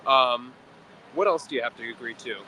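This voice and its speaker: A man giving an earnest, measured explanation outdoors at a protest, pausing on fillers as he goes. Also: medium pitch, bright, forceful tone, a little hiss or hum. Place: outdoors on a city street.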